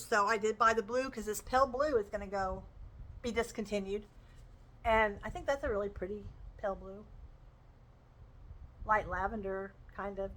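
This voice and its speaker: A woman's voice: mid-range voice, pushed and bright, rough recording. A woman chatting enthusiastically as she shows off her crochet purchases. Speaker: crochet vlogger. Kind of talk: casual show-and-tell chat.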